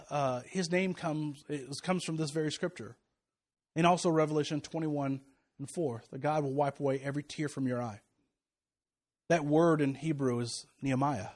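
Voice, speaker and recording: High-voiced preacher, loud then hushed. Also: male voice. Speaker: pastor. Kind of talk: sermon. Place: church sanctuary.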